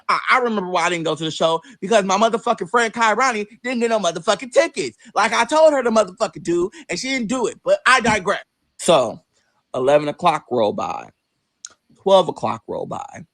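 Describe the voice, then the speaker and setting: Animated, cursing man telling a story. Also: dry recording. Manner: animated, profane, acts out quoted voices with big pitch jumps. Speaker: vlogger telling a personal story. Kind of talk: casual storytelling monologue.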